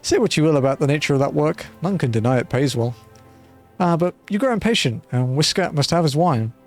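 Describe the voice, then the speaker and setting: A man's voice: fairly high pitch, animated, a little fast, faint music behind, close to an everyday voice. A man voicing a blind retired male mercenary turned wine merchant who speaks in a courteous, old-fashioned formal way, reading game dialogue aloud. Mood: genteel.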